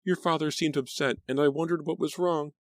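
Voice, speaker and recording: A man's voice: on the high side, fairly even intonation, brisk, no echo, studio quality, pitched above the performer's own voice, natural voice. A man voicing a timid, mousy teenage girl who speaks anxiously and apologizes.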